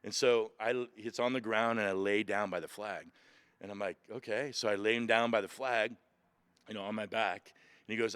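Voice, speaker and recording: A man recounting his Marine boot camp experience as a podcast guest, animated and emotional, acting out shouted orders. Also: lowish voice, normal speed, clear, resonant tone, dry recording. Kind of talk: emotional storytelling. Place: museum.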